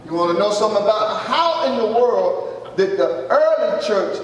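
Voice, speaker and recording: A man's voice: high voice, expressive, normal speed. A man preaching a folksy sermon and asking his congregation questions. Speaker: pastor. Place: church hall. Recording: echoey church hall from far off.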